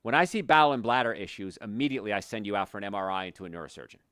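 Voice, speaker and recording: Rapid-fire and fairly low-pitched, this man's voice is clear and resonant, captured in a dry, studio-quality recording. He's a chiropractor hosting a health talk show who speaks with blunt, opinionated passion, growing heated and then calming himself down.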